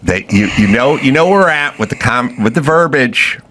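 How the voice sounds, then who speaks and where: A man's voice: medium pitch, animated, normal speed, noisy background. A man hosting a talk show, ranting with sarcasm and profanity and acting out the lines of the people he mocks. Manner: profane, sarcastic, acts out quoted voices. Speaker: show host.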